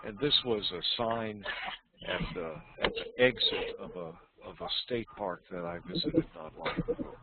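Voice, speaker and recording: A man's voice: lowish voice, big pitch swings, unhurried, creaky. A man teaching an online English lesson, explaining at length and often repeating his phrases. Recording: tinny phone-like line with loud noise.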